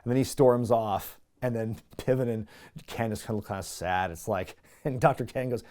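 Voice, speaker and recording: A man's voice: fairly low pitch, moderate pace, darkish tone. A man hosting a casual wrestling review show, recapping matches with wry, chuckling asides. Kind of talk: casual commentary.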